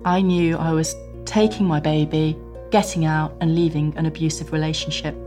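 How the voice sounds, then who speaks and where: A woman recounts personal events during an interview in a hotel room. She speaks calmly and reflectively, pausing with soft fillers. Her voice is slightly low, with faint music underneath. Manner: calm, reflective, with hesitant fillers.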